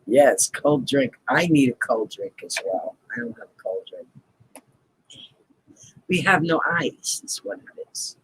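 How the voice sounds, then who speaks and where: Playful gravelly man chatting to viewers. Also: mid-range voice, sing-song, moderate pace, hardly any pauses, low-quality recording. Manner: chatty, playful, laughs often, greets viewers by name. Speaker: channel host chatting with live viewers. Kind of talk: casual live-stream chat.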